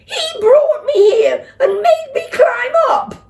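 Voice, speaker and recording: A woman voicing a whiny little boy who cries and shouts for his parents in a high voice. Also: lively intonation, takes it slowly, full character voice. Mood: wailing.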